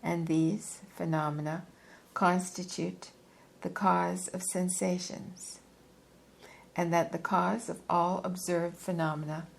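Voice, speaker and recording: Female reader, low gravelly voice, unhurried and deliberate, reads a philosophy text with occasional asides. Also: poor audio. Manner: measured, deliberate reading with occasional asides and self-corrections. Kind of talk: reading a philosophy book aloud.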